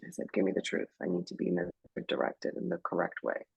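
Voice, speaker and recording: Gravelly-voiced woman sharing her testimony. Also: a bass voice, wildly swooping pitch, no echo, lo-fi sound. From Afghanistan. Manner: emotional, halting with many fillers and restarts. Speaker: interview guest. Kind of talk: personal testimony, conversational.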